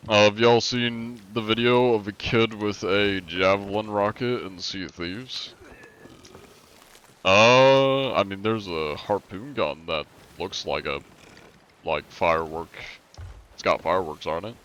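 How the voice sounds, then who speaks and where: A man's voice: lowish voice, measured pace, a bit bright, clear, resonant tone, highs cut off. A man chatting casually and joking around while streaming a game. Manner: joking, playful, talks while playing. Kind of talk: casual live-stream chat with role-play.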